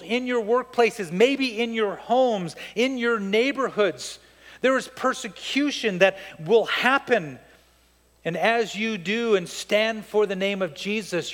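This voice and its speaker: A man's voice: sits high, a bit bright, big-room sound. A man preaching a sermon as pastor to his church, with emphatic rises and drops.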